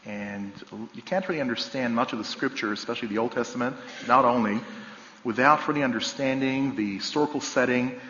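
A man's voice: pushed and bright, slight background noise. Man teaching in an echoey hall. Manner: measured, explanatory, with fillers. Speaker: guest speaker, professional guide. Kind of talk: church teaching talk. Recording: echoey hall, dull low-fi sound.

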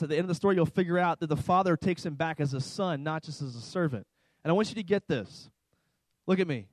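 A pastor preaches emphatically, driving home each point by saying it twice. His voice sits high for a man. The sound is dry and close. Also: fast, no room sound, rough recording. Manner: emphatic preaching, repeats key lines. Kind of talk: sermon. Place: church service with slides.

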